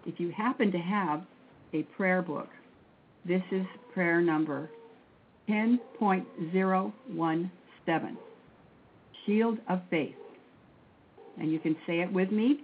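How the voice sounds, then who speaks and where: A woman leading a guided breathing and mantra prayer session in a slow, measured way, counting aloud. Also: lowish voice. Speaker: prayer and meditation leader. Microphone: phone line. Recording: tinny phone line with faint noise.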